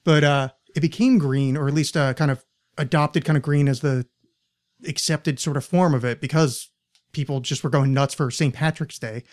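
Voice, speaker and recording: A young man hosts a casual podcast chat. He rambles and sounds sardonic, with plenty of swearing. His voice sits slightly high for a man. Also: fairly even intonation, normal speed. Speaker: podcast host.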